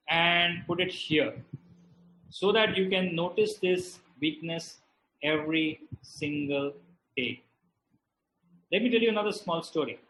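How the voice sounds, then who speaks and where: A middle-aged man gives a motivational talk in a high, lively voice, stopping often to ask his listeners questions. The room is echoey. A faint hiss sits under the voice. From India. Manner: animated storytelling with audience questions. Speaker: motivational speaker. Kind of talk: motivational talk to an online audience.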